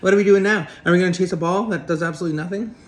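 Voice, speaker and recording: A man voicing a hyper, eager young dog that fires off excited questions. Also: fairly high pitch, rapid-fire, lightly acted.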